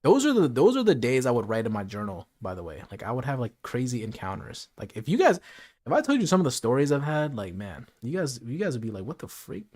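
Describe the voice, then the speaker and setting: A man's voice: mid-range voice, wildly swooping pitch, quick pace, a little mellow. Male streamer, casual late-night chat, earnest and thoughtful, mid-range voice. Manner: earnest, reflective, lots of "like" and "you know".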